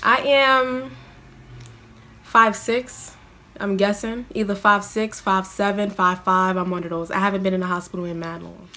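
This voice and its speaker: A woman's voice: mid-range voice, steady tone, moderate pace, bright, forceful tone, slight background noise. A young woman, chatting in a casual question-and-answer vlog. She is self-mocking and scatters "like" through her talk. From New York City. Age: young adult. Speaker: vlogger.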